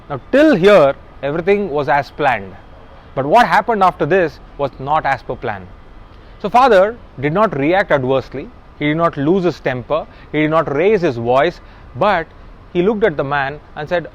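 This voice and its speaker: A man's voice: fairly high pitch, lively intonation, moderate pace. A man narrating a motivational story in a conversational way, speaking straight to the listener. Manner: conversational, addresses listener directly.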